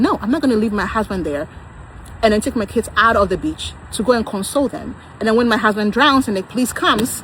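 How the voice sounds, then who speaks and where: A woman's voice: medium pitch, a little fast, a bit bright, slight background noise, low-quality recording. A woman in her thirties talking in a personal vlog, insistent and defensive, repeating her points. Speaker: vlogger.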